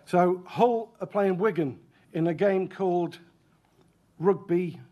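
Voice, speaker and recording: A man's voice: high-pitched, measured pace, dull audio, noisy background. A man from the UK chairing an event and giving a joking, chatty welcome speech in a function room. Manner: joking, self-deprecating, chatty. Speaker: chair of rescue organisation, event speaker.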